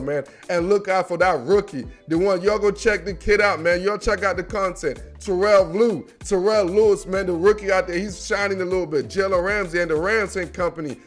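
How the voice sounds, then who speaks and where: A man with a high voice runs through his weekly game picks in loose, slangy chat. He keeps dropping bro and man as he talks. Faint music sits behind him. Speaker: sports predictions host. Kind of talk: casual monologue.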